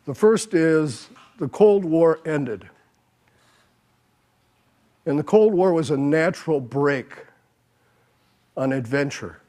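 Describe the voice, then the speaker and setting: A man's voice: medium pitch, darkish tone. Older man telling stories on a panel. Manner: anecdotal, quotes others, chuckles at his own stories. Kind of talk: panel talk, telling anecdotes.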